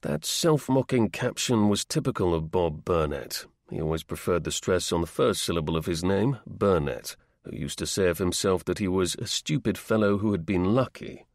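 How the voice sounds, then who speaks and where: A man narrates an audiobook in a measured, steady manner. His voice sits on the low side and carries a gravelly rasp. The recording is dry and close, with no room sound. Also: dry recording. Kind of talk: scripted narration.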